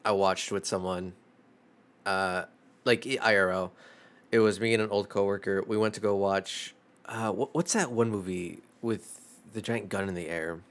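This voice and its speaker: A young man on stream talks in a low-pitched voice, drifting from point to point with plenty of filler. His tone is self-deprecating and loose, and he swears freely as he chats. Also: steady tone, normal speed. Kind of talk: casual chat.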